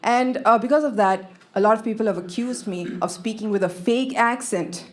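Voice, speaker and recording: A woman raised in Kenya and India doing a stand-up comedy set on a club stage, telling stories in a quick, self-mocking way and acting out the lines of people she quotes. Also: fairly high pitch. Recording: live club recording with background noise.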